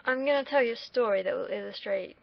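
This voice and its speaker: A woman's voice: medium pitch, quick pace, gravelly, highs cut off. A young woman from the UK, vlogging in a casual, rambling monologue that wanders off on tangents, with the odd swear word. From United Kingdom.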